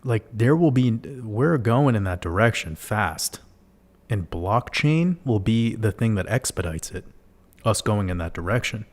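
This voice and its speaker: A livestream host talks casually and animatedly to his viewers, swearing and firing off rhetorical questions. His voice sits on the low side and is a little mellow.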